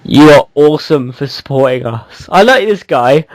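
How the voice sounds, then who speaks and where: A man's voice: fairly high pitch, expressive, normal speed, no echo, poor audio. A man co-hosting a casual gaming podcast, rambling and teasing, with lots of ums and restarts. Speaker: podcast co-host.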